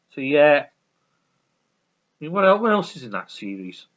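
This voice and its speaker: A man talks casually on a vlog, rambling and swearing, restarting and laughing as he goes. His voice sits a touch high and swings widely in pitch, and the recording sounds dull and lo-fi. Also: big pitch swings, moderate pace, pauses often. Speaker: vlogger. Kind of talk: casual chat reviewing a sitcom.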